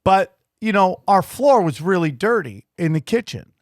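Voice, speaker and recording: A man's voice: high voice, moderate pace, dry recording, studio quality. A man hosting a podcast, telling stories in a casual chat and acting out other people's voices. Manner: animated storyteller, acts out voices. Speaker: podcast host.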